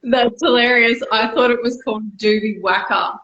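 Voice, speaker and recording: Bright, teasing Queensland woman. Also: on the high side, fairly even intonation, normal speed, dull audio. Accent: Queensland Australian. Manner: playful teasing banter. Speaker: podcast co-host. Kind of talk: casual chat.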